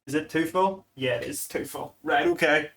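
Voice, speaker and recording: A man's voice: a little high, moderate pace, creaky, fairly bright tone, slight background noise. Rambling man, chatty asides. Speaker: food vlogger. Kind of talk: casual home cooking demo.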